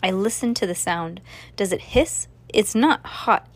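A woman doing a soft-spoken blind chef. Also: medium pitch, animated, measured pace, no room sound. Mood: instructive.

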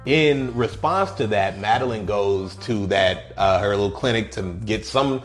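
A man's voice: lowish voice, measured pace, faint music behind. A man co-hosting a casual podcast, recapping a movie with lots of laughter and acted-out lines. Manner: animated, laughing, acts out lines from the film. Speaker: podcast co-host.

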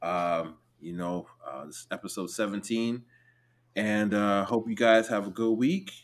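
A man co-hosting a podcast in casual chat, reacting quickly and cutting in. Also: fairly low pitch. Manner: animated, quick to react and interrupt. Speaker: podcast co-host.

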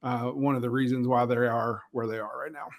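A man's voice: medium pitch, steady tone, fairly quick, gravelly. Man, podcast co-host, agreeable, hesitant, casual chat. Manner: agreeable, hesitant, frequent ums.

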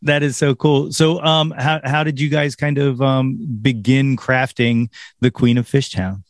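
A man hosts a casual podcast interview, feeling his way through each question with ums, uhs and restarts. His voice is mid-pitched and recorded dry, with no room sound. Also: steady tone, no room sound. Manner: halting, many fillers and restarts. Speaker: podcast host.

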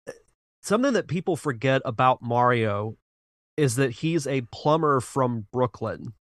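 A man's voice: medium pitch, animated, a little slow, dry recording, clean studio sound. A man co-hosting a podcast, chatting casually and earnestly about games and movies, often restarting his sentences as he reasons aloud. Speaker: podcast co-host.

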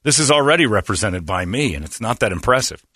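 Animated man telling comic stories. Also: fast talker, husky, no room sound, clean studio sound. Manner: animated storytelling, loud high-pitched impressions of other people. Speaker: podcast host. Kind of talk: casual comedic chat.

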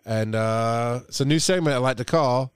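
A man's voice: mid-range voice, moderate pace, clean tone, no room sound. A man hosting a podcast, chatting casually and jokingly with many restarts. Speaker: podcast host. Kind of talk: casual chat.

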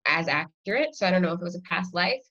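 A woman in her thirties, a guest in a casual conversation, telling stories with laughter and lively quoted voices. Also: fairly low pitch, fast talker, dull audio.

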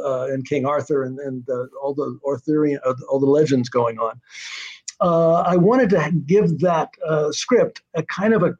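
Older male guest, slightly higher voice, meandering anecdotes full of pauses, dull lo-fi sound. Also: darkish tone. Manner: rambling storyteller, many hesitations. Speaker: guest, TV writer-director. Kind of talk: casual interview chat.

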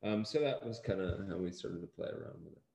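An American man, an actor, chatting in an interview in a halting, rambling way with lots of fillers and dry humor. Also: low voice, lively intonation, vocal fry, mellow, reverberant. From United States. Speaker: actor interviewed about a film. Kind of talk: casual interview chat.

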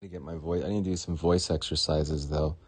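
A man's voice: a bass voice, steady tone, fairly quick, poor audio. A young man hosting a solo podcast, rambling in a jokey, self-deprecating way. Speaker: podcast host.

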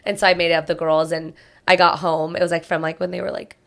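A woman's voice: fairly low pitch, flat delivery, quick pace, fairly bright tone. Young female podcast co-host, casual chatty mom, filler-heavy delivery. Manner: chatty, many filler "likes". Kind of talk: casual chat.

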